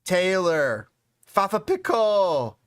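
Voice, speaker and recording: A man chatting on a soccer podcast, rambling and excitable, sometimes breaking into shouts. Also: high voice, slow pace, clear, resonant tone, no echo, studio quality. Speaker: guest. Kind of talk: casual podcast chat.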